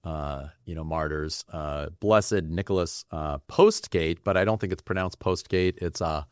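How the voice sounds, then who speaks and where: A man's voice: rumbling low, normal speed, no echo, studio quality. A man hosting a podcast interview, asking curious questions and thinking aloud. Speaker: podcast host. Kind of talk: casual interview chat.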